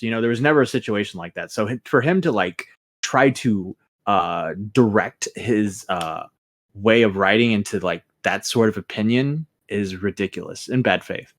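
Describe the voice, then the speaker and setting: A man hosting a casual podcast, telling a story with lots of swearing and an animated delivery. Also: on the low side, moderate pace, dry recording, studio quality. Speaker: podcast host and moderator.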